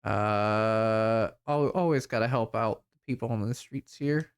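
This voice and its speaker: Relaxed male streamer reading a game aloud. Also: fairly low pitch, a little slow, smooth. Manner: relaxed, hesitant, with fillers. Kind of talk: casual game playthrough, reading dialogue aloud.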